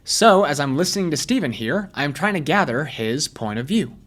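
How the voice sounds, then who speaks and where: High-voiced man musing aloud. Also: very animated, moderate pace, a bit bright. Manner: chatty, self-deprecating, thinking aloud. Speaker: personality-typing commentary host. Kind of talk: casual video commentary.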